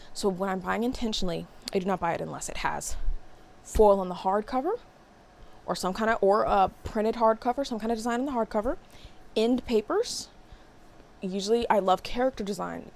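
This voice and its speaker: A young woman talks through a book tag as a casual vlog, expressive and sarcastic, swearing freely as she goes. Her voice has a gravelly, creaky edge at a middle pitch, with a faint hiss of noise behind it. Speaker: book vlogger. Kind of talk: casual chat.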